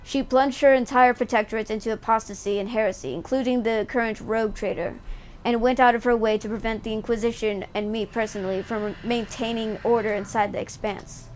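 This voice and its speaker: A man's voice: high-pitched, fairly even intonation, fairly quick, slight background noise, close to an everyday voice. A woman reading aloud the lines of a stern male interrogator who formally accuses someone. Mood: accusing. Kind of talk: reading game dialogue aloud.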